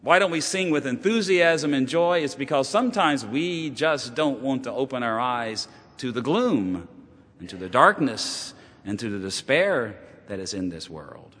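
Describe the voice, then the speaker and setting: A man preaching a sermon in a church, his mid-pitched voice ringing through a long, echoing hall. He tells stories, drops to a hushed tone at times and then builds back up with emphasis. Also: expressive, measured pace. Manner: storytelling, shifting from hushed to rising emphasis. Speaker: pastor.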